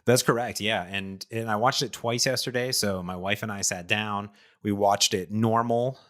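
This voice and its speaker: A man hosting a casual chess podcast, energetic and animated, joking about himself. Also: fairly low pitch, normal speed, no room sound, clean studio sound. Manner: energetic, animated, self-deprecating. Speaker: podcast host.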